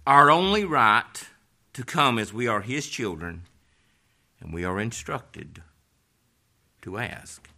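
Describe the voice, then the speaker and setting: A man preaching a sermon, rising to loud fervent peaks and dropping to hushed, low emphasis. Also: lively intonation, slow pace, vocal fry, pauses often.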